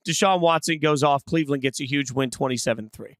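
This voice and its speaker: A man's voice: mid-range voice, quick pace, fairly bright tone, dry recording. A middle-aged man hosting a casual sports analysis chat, opinionated and brash in his calls. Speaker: sports show host.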